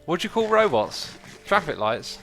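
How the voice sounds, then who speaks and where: A man's voice: on the high side, very animated, normal speed, vocal fry, a bit bright, soft background music. A man from England co-hosting a livestream, laid-back and joking in casual chat. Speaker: co-host of a game livestream.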